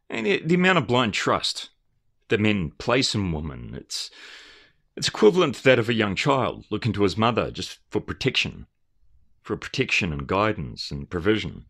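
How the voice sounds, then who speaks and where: Earnest man with a lively voice. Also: lowish voice, moderate pace. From Australia. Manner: earnest and emphatic, with repeated restarts. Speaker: commentator. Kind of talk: rambling video commentary.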